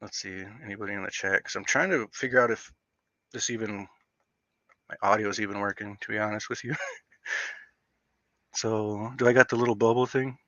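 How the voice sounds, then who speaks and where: A man rants casually on a livestream in a bright, forceful voice, with a slight stutter that catches on some words. He rambles and restarts often as he talks. The sound is dull and lo-fi, with a dry, close feel. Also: fairly low pitch, fairly even intonation, a little fast, long pauses, no echo. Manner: rambling, with frequent fillers and restarts. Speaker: livestream host.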